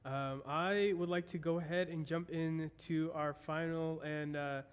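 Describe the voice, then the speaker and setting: A man hosting an interview in a studio, friendly and halting with lots of fillers. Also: a little high, steady tone, smooth, long reverb tail. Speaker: host. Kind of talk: casual interview chat. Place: recording studio.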